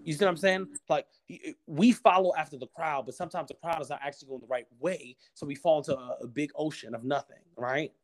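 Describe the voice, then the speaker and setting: A man's voice: on the high side, fast, few pauses. Passionate man preaching in conversation. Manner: passionate, preacher-like, acts out quoted voices. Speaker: podcast guest. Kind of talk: casual motivational conversation.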